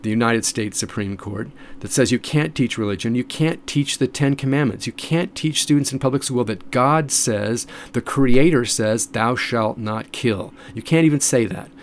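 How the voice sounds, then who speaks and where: A man's voice: medium pitch, normal speed, few pauses. A man giving an emphatic, lecture-style commentary, repeating points and restarting phrases.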